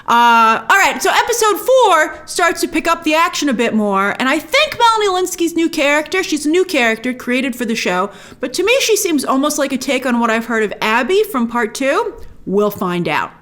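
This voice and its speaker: A woman with a high-pitched voice chats casually through a review of a TV series, her pitch constantly swooping up and down. She's animated and talkative, often dropping into playful quick asides that she acts out in her own voice.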